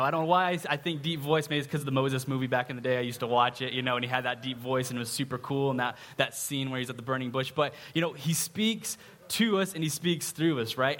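Loud, animated young male pastor. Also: mid-range voice. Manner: loud, animated, conversational, frequent "right?". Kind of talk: sermon.

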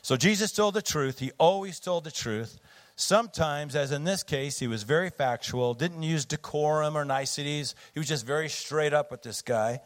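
A man's voice: a little high, moderate pace. Middle-aged male pastor; conversational sermon, anecdotal, loose with fillers. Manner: conversational storytelling with fillers and restarts.

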